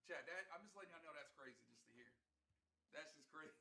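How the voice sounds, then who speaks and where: A man's voice: fairly high pitch, expressive, fast, gravelly, pushed and bright. A man streaming a game and chatting casually with his viewers, chatty and hyped as he plays. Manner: chatty, hyped, talks to chat while playing. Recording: roomy echo, mic set far off.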